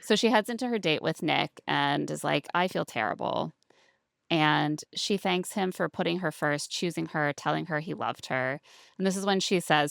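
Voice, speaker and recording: Sarcastic woman with a gravelly low voice. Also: normal speed, fairly bright tone, no echo, studio quality. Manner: sarcastic, mocking quotes of cast, laughs often. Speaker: podcast co-host. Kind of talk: casual recap chat.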